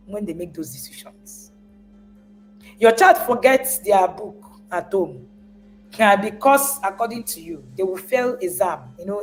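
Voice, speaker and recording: On a poor-quality recording, a woman with a medium-pitched voice gives a live talk as a parenting coach. Her delivery is emphatic, she repeats words when stressing a point, and she acts out parents as she speaks.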